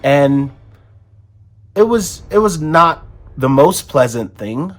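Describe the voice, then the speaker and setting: A man's voice: a little high, expressive, takes it slowly, soft background music. A man hosting an opinion commentary, talking emphatically with frequent restarts. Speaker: host.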